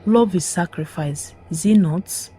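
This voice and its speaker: A menacing shadow spirit gives cold, slow commands, sometimes near a whisper, as a woman reads it. The voice sits low, in a dark horror tale. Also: slight background noise, natural voice.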